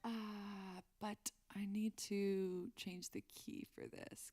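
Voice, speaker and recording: A woman's voice: medium pitch, flat delivery, very slow, warm tone, soft background music. A woman singer-songwriter chatting on a live stream between songs, rambling and reading chat aloud.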